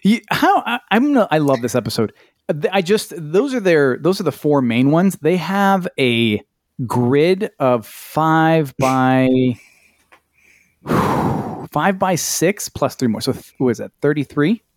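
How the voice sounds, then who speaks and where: A man's voice: on the high side, big pitch swings, unhurried, no echo, studio quality. A middle-aged man co-hosting a podcast, reading a menu aloud with wry amusement and casual swearing. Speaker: podcast co-host. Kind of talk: casual chat.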